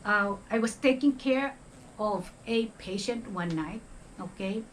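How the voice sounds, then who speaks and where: Speaking a little slowly in a medium-pitched voice, an older Filipino woman, a retired nurse turned vlogger, delivers a relaxed monologue in her Filipino accent. She keeps checking in with "okay?" Slight background noise can be heard, and the recording is rough.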